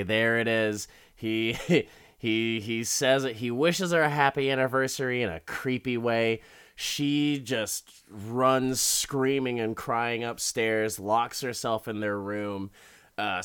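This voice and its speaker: Young guy retelling a horror ep, unhurried, swears a lot, laughs along. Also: on the low side, smooth. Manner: profane, animated, laughs while retelling. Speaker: podcast host recapping a horror episode. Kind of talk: casual recap.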